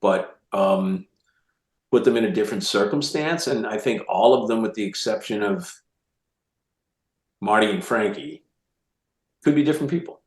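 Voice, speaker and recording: A low-pitched man talks through ideas in a casual interview, animated and restless, often restarting and repeating words as he goes. His voice carries a noticeable room echo. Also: moderate pace, long pauses. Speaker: author guest. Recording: roomy echo.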